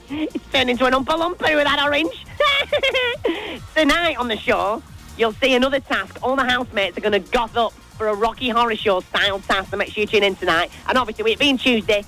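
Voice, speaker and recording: A man giving a chatty, gossipy roundup of soap news on breakfast radio, in an animated and teasing way. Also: extremely high pitch, brisk, soft background music. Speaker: soap and entertainment news contributor.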